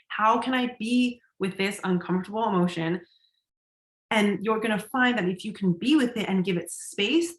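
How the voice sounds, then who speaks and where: A woman teaching in a relaxed, conversational way, full of "like" and casual swearing. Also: mid-range voice. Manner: conversational, heavy use of "like", swears casually, laughs often. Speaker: coach. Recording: roomy echo.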